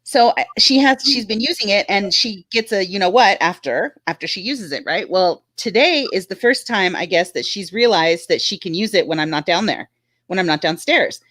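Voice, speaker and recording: A woman's voice: medium pitch, expressive, moderate pace, a bit bright, dry recording. Chatty woman on a live stream, voice jumps all over, dry close sound. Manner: chatty, laughing, talks to her dog. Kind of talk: casual live chat.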